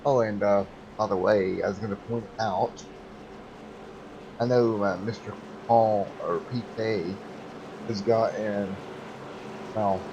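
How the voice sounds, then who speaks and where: A man with a lowish, hoarse voice calls a simulated race. He gets excitable and rambles, with plenty of fillers. Steady background noise sits under his voice. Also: takes it slowly, long pauses, lo-fi sound. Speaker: sim racing commentator. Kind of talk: race commentary.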